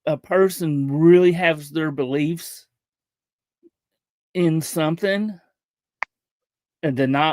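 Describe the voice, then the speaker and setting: A man hosting a livestream, talking casually in a halting way, often repeating words and restarting his sentences. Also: on the high side, no echo. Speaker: livestream host.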